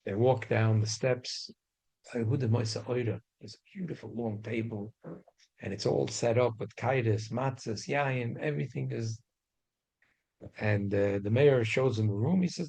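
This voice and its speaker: A man leading a relaxed religious class, his voice husky and mid-pitched. He tells the story in a chatty way, restarting his sentences and dropping in Hebrew and Yiddish terms. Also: normal speed, low-quality recording. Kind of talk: casual storytelling lesson.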